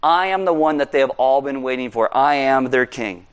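Man playing a solemn calm king, deeper than usual, slow, grave. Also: smooth, natural voice. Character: solemn calm male king before a judge.

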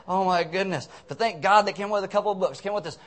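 A man's voice: mid-range voice, rapid-fire, a bit bright, natural voice. A man playing a self-pitying, comfortable churchgoer in a sarcastic, mock-earnest sermon bit.

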